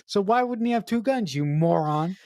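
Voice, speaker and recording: Incredulous, expressive woman co-host. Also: medium pitch, normal speed, no room sound, studio quality. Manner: incredulous, emphatic, swears for emphasis. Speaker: podcast co-host. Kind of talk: casual movie-review chat.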